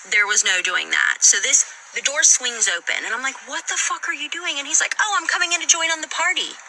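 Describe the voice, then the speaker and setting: A woman's voice: mid-range voice, pushed and bright, slight background noise, poor audio. A woman telling a personal story on a live stream, blunt and upset, swearing heavily. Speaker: guest telling her story.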